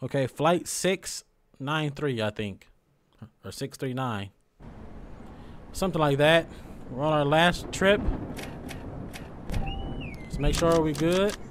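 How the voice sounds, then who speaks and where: A young man giving joking, loud let's-play commentary, full of slang as he reacts to the game. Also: on the high side, slow pace, long pauses, slight background noise. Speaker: gaming streamer.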